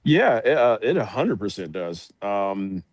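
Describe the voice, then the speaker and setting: A man's voice: lowish voice, big pitch swings, unhurried, dry recording. A man who works in aviation, talking in easygoing, thoughtful podcast chat. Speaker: podcast guest, works in air traffic.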